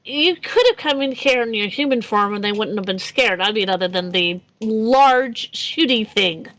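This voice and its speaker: A woman voicing a small, feisty female alien with shark ancestors, stammering and quick to bicker. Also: mid-range voice, fairly bright tone, close to an everyday voice, rough recording. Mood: flustered. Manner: flustered, stammering and quick to argue.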